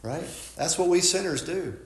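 Folksy pastor preaching in an echoey church. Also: male voice, sits high, lively intonation, moderate pace. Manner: conversational, folksy preaching with frequent "right?" and restarts. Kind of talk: sermon.

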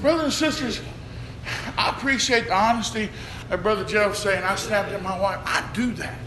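A man preaching a sermon, swinging between shouts and hushed tones. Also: high-pitched, moderate pace. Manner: shouts and drops to a hush, preacher cadence. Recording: echoey room with faint noise.

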